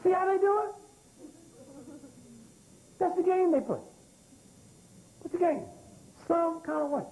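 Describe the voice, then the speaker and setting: A man's voice: very high voice, measured pace, low-quality recording. A man in his sixties giving a live lecture, calling out to the audience for answers and hammering key words through repetition. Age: 60s. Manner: animated, calls out to the crowd for responses; emphatic, repeats key words.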